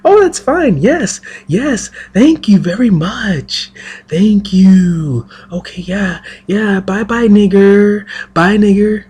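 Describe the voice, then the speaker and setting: A falsely sweet, mock-polite voice pitched far up, with something sneering underneath. It is husky, with its words drawn out slowly as a man puts it on in mockery. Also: expressive, darkish tone, heavily acted.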